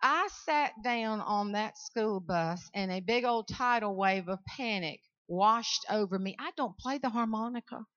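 A woman from South Carolina with a Southern accent gives an animated motivational speech to students and keeps calling out to the audience. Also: mid-range voice, unhurried, few pauses, muffled recording. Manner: animated storytelling, calls out to the audience. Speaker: motivational speaker.

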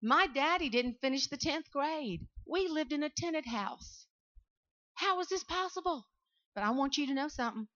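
A motivational speaker from South Carolina, US, gives a speech to a room of students, animatedly telling stories at a moderate pace and repeatedly calling out "y'all" to the audience. This Southern woman has a high, bright, ringing voice and a lively manner. The recording sounds a little dull and lo-fi.

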